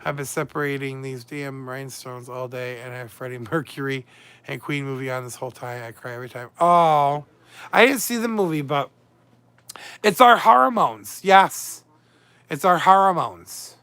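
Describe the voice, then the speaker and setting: A man's voice: medium pitch, normal speed, fairly bright tone, clean tone, no room sound. A man hosting a casual livestream, chatty and emotional, swinging between moods as he reads and answers his viewers' comments. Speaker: livestream host.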